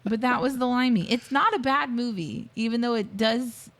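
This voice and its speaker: A woman's voice: a little high, normal speed, a bit bright. A woman co-hosting a podcast, chatting casually about a film and retelling scenes with a joking tone. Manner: joking, retells scenes with quoted lines and laughter. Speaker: podcast co-host. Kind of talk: casual movie review chat.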